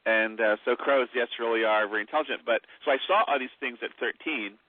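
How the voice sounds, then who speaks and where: A man's voice: mid-range voice, fast talker, no room sound. A man, an author guest on a phone-in radio interview, telling long rambling stories with many fillers. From Mi'kmaq heritage. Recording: tinny phone line.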